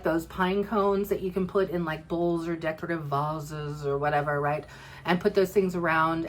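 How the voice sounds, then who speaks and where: A woman giving a bubbly, chatty product review, talking straight to her viewers with playful asides. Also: deep voice. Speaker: vlogger reviewing home fragrance.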